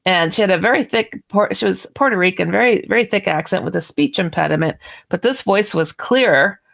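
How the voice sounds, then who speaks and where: This radio interview guest, a woman author, moves fairly quickly through a personal story in a mid-range, gravelly voice. She's animated, acting out the quoted dialogue.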